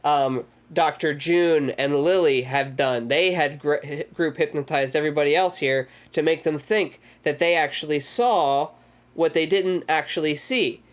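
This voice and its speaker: Hosting a casual film recap, this man has a slightly high voice and takes his time. His retelling of scenes is energetic but rambling, packed with filler words.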